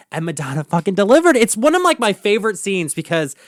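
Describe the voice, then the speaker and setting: A man hosting a podcast, ranting about pop culture in an animated, profane, gossipy way. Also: high-pitched, fast talker, hardly any pauses, no echo, studio quality. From Baltimore area, USA. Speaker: podcast host. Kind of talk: casual pop-culture rant.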